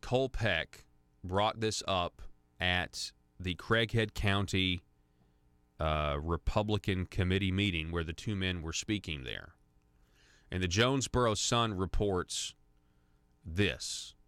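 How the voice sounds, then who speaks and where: A man's voice: low voice, slow, a bit bright, clean tone, no room sound. A man hosting a conservative talk radio show from a studio, rambling conversationally with many fillers and restarts.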